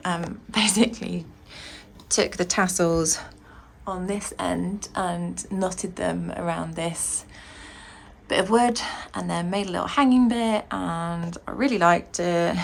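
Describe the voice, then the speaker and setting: Young woman, casual home vlogger, lowish pitch with some gravel, relaxed and rambling. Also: a little hiss or hum, low-quality recording. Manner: chatty and rambling, with hesitant restarts. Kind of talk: casual to-camera chat. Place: indoors, sitting on a home staircase.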